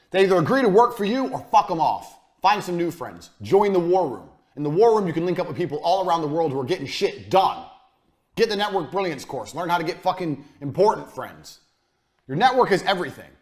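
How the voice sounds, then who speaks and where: A man giving a blunt, profane business lesson as a coach, mocking and forceful in his delivery. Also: sits high.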